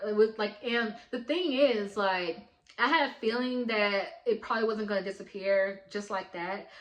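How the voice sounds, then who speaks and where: A young woman vlogger telling a storytime in a chatty, animated way, full of slang and the odd swear word. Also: medium pitch, roomy sound, rough recording. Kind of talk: storytime vlog.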